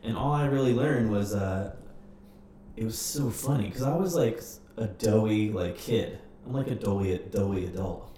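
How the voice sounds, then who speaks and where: A man in casual podcast chat, telling rambling, animated stories with swearing. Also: lowish voice, normal speed, a little hiss or hum. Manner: rambling, animated storytelling with cursing. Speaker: podcast participant. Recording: roomy, distant mic with faint ambience.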